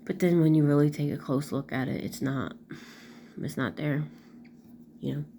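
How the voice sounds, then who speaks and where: A middle-aged woman rambles through a casual personal vlog, full of fillers and restarts. Her voice sits low with a gravelly edge and a mellow, dark tone, and a faint hiss runs beneath the recording. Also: steady tone, moderate pace. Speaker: vlogger.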